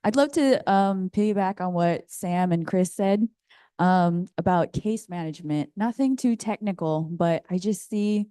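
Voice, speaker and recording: A woman speaks on a conference panel in a low, mellow voice that is smooth and clear. She talks casually, painting pictures to make her point, and sounds dry and close. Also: measured pace, no room sound. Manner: casual, chatty, explains with images. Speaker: community advocate. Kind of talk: panel discussion remarks. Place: conference room.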